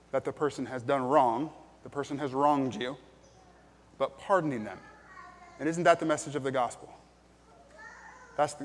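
A man's voice: medium pitch, big-room sound. A man preaching a sermon as pastor, earnest and plain-spoken, with frequent ums and restarts.

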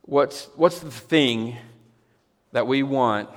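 A man preaching a sermon in a mid-pitched voice, with a long hall reverb trailing each phrase. He talks in a loose, conversational way, then builds to emphatic, repeated cries. Only his voice is heard. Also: drawn-out words. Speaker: pastor. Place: church hall with a congregation.

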